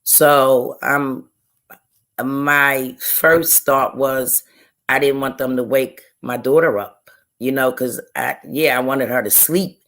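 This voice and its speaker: A woman, a guest author, sharing an emotional personal testimony in an interview, telling it slowly and earnestly and often repeating her phrases. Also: extremely low pitch, fairly even intonation, a bit bright.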